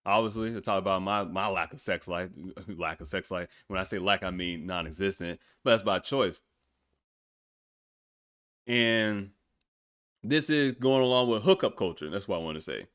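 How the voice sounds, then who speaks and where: A man's voice: low-pitched, moderate pace, fairly bright tone, no echo, studio quality. A man hosting a podcast, reacting to a music video in casual, blunt, profane talk, often breaking into incredulous laughter. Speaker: podcast host.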